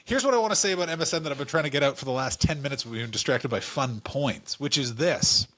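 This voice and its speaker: Animated Canadian comedian telling stories. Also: male voice, a little high. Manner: animated storytelling, quick asides. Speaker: podcast co-host. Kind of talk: casual comedic chat.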